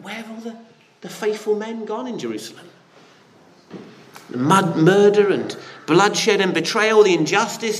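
A man's voice: sits high, fairly bright tone. A man preaching a sermon, earnest, with rhetorical questions and frequent restarts. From Britain.

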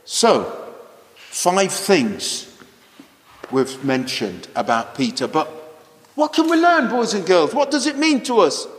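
A man preaching a children's sermon, animated and exclaiming, asking the children questions. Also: high voice, slow pace, pauses often. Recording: echoey hall.

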